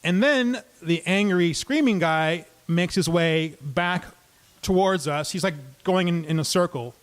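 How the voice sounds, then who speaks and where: A man with a fairly high voice tells a true story to a live audience. He keeps it conversational, with well-timed comic asides between the tense moments. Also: a little slow.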